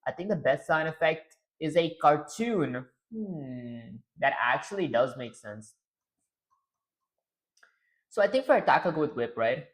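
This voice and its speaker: A man's voice: on the high side, lively intonation, a little slow. A man hosting a programming livestream, chatting casually, narrating his own steps and answering questions from the chat. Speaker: livestream host.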